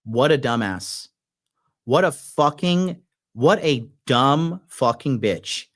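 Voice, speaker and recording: A man's voice: medium pitch, lively intonation, takes it slowly, fairly bright tone. A man hosting a show, ranting aggressively with constant profanity. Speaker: podcast host. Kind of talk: ranting commentary.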